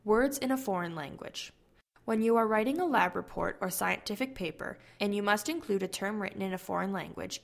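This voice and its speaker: A woman hosting an educational podcast, reading a scripted explanation in a clear, measured way. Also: mid-range voice. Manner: clear, measured read-aloud delivery. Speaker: podcast host explaining writing rules.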